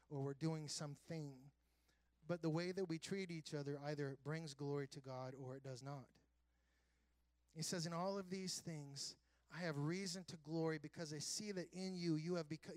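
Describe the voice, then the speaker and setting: A high-pitched male pastor delivers an earnest sermon, his voice pushing up and getting louder as he presses a point, with sarcastic asides along the way. The recording is dry and close, with no room sound around him. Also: dry recording. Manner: earnest preaching with self-described sarcastic humor; builds to loud, high emphatic passages.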